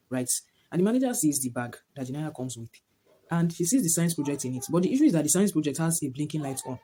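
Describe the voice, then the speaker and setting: A man's voice: on the high side, warm tone, husky. A man giving a casual movie review to camera, retelling the plot in a rambling way full of "like" and "whatnot".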